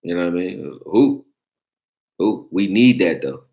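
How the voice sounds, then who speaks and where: Deep-voiced blunt sports talk host. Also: male voice, animated, measured pace, creaky, dull audio. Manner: blunt, profane, joking, reacting to chat. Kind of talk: casual sports talk livestream.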